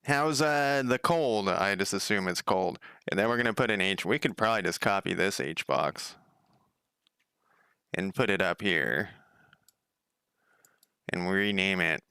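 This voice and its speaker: A man's voice: deep voice, a little slow, pauses often, bright, forceful tone, smooth, no room sound, studio quality. A man coding a game on a casual livestream, thinking aloud, rambling, swearing casually and chatting with viewers.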